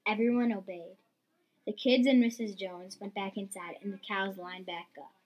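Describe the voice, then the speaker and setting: A woman reading a homemade farm story aloud in a lively, plain way. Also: medium pitch, moderate pace, poor audio.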